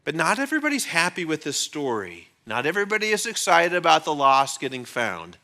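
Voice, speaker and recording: A male pastor preaching a church sermon in a conversational, animated storytelling manner. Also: fairly high pitch, fairly quick. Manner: animated storyteller, acts out quotes in changing voices; conversational, with fillers and restarts.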